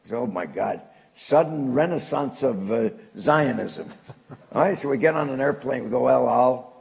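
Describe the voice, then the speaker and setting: A man's voice: medium pitch, moderate pace, creaky. An older man from Newark, telling anecdotes to a live audience as a guest speaker. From Newark, New Jersey. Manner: animated anecdotal storyteller, chuckling punchlines.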